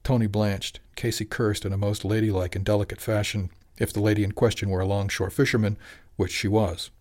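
A man narrating an audiobook in a calm, even way. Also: fairly low pitch, a little fast. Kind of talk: scripted narration.

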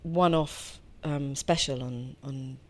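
A woman's voice: extremely low pitch, steady tone, slow. A middle-aged woman, chatting as a podcast guest and often restarting her sentences. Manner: chatty, warm, frequent restarts and self-corrections. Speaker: guest actress. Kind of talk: casual podcast interview.

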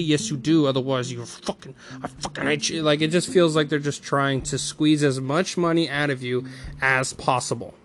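A man ranting angrily about a movie, swearing often and mocking the studio with put-on quotes. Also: a little high. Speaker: film reviewer.

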